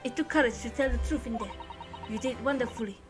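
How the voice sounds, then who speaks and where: A woman voicing a gentle, formal young woman from a game, speaking softly and earnestly. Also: on the high side, quick pace, music in the background, natural voice. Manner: soft and earnest.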